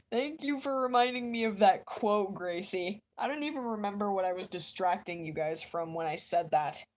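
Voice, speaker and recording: Her voice is medium in pitch and a little mellow. She's an artist drawing on stream, congested, bantering casually with her live audience and giggling as she pokes fun at herself.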